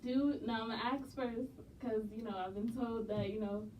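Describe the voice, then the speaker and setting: A woman's voice: fairly high pitch, fairly even intonation, darkish tone. A woman hosting a casual interview, asking short questions and fighting off giggles. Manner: slow, giggly, short prompts. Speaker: interview host. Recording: distant mic with faint noise.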